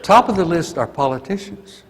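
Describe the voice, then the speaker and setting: A man's voice: on the high side, animated, moderate pace, big-room sound. An older man giving a blunt, grumpy conference talk and venting his anger. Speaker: conference speaker. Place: conference hall.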